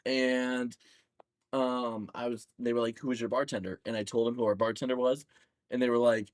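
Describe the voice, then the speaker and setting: A man's voice: medium pitch, moderate pace. A man co-hosting a casual podcast, teasing and telling stories with energy. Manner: teasing, animated storytelling. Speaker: podcast co-host. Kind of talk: casual chat.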